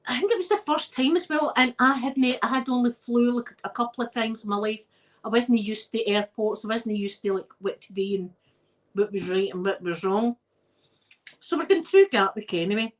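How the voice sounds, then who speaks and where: A Scottish woman, host of her own channel, telling personal stories in a chatty, animated way and laughing often. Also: on the high side, low-quality recording. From Scotland. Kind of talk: casual storytelling chat.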